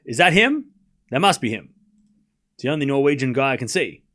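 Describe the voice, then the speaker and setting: A tennis watchalong streamer keeps things casual and animated, reading the scores aloud and joking with chat. His medium-pitched voice moves a little fast, with frequent pauses.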